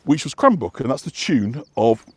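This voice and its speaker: Chatty man with a lively voice. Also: medium pitch, normal speed, husky, no room sound. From West Yorkshire, England. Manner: chatty, rambling, many fillers and restarts. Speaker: walking guide and vlog host. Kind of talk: casual explanatory chat while walking. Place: outdoors on a moorland path.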